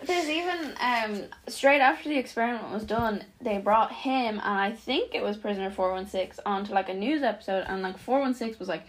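A woman's voice: on the high side, moderate pace, few pauses, a little hiss or hum. A young woman, co-hosting a casual chat and telling a story with loose swearing. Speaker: podcast co-host.

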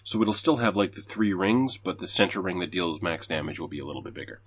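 A man's voice: deep voice, quick pace, slight background noise. A man hosting a casual gaming podcast, reading headlines and ranting with swearing and restarts. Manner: swearing, rambling, animated rants. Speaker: podcast host.

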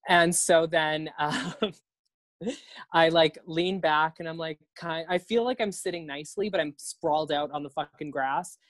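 A man's voice: a little high, steady tone, unhurried, fairly bright tone, no room sound. A young man spins a story in casual chat, talking loosely, swearing and laughing as he goes. The recording is dry and close, with no room sound. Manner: chatty, swears freely, laughs often.

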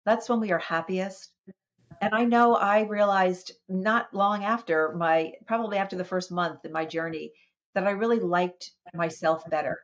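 A wellness coach shares a personal story in a podcast interview, speaking expressively with small restarts. Her voice is medium-pitched at normal speed, and the sound is lo-fi.

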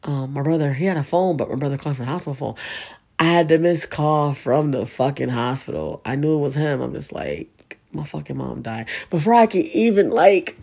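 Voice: medium pitch, fairly quick, creaky, darkish tone. A speaker telling a painful personal story in a casual, candid way, swearing often and speaking with emotion.

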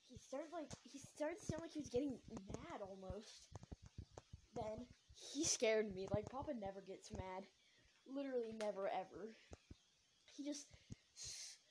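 A woman's voice: medium pitch, noisy background. A young woman telling a story casually. She rambles, uses lots of fillers, corrects herself and laughs now and then.

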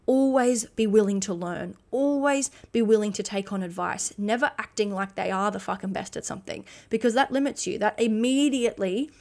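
A woman's voice: medium pitch, normal speed, creaky, hardly any pauses. A woman giving a blunt motivational monologue as a podcast host, swearing freely and restarting sentences. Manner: acts out quoted voices in animated bursts.

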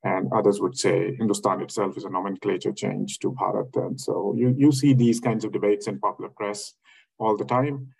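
A man's voice: lowish voice, fairly even intonation, moderate pace, gravelly, a little mellow, husky, low-quality recording. A man speaking as an academic in a reflective lecture style, hesitant, with many fillers and restarts.

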